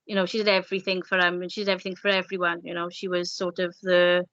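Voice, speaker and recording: A low, flat-toned woman in her thirties from Wales talks gently in an interview, full of fillers and feeling. Her voice is dry and close, with a dull, lo-fi sound. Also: fast talker, dry recording. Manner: soft-spoken, many fillers, emotional. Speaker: bereaved interviewee. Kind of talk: personal interview, recalling a loss.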